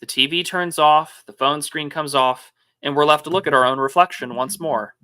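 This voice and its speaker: Podcast host, male, slightly high and very bright voice, reflective and rhetorical in casual chat. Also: normal speed.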